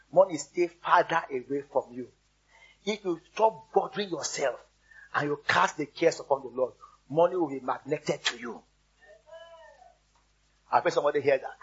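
A man's voice: a little high, breathy edge, dull audio. A man preaching a sermon as a pastor, telling stories and repeating words for emphasis. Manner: storytelling, repeats words for emphasis, exhorts the congregation.

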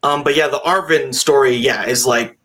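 A man co-hosting a casual movie review chat, rambling and animated, swearing now and then. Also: mid-range voice, normal speed. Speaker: podcast co-host.

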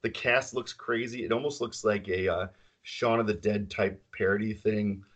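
Podcast co-host, man with a lowish voice, loose and opinionated, quick to laugh. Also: steady tone, a bit bright, lo-fi sound. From central New York. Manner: laughs often, rambling and opinionated. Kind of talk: casual chat.

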